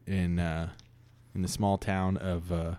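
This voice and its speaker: A man co-hosting a podcast, telling an improvised story in a halting, rambling way with many restarts. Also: low voice, flat delivery, dark tone, clear, resonant tone. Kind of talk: casual improvised storytelling chat.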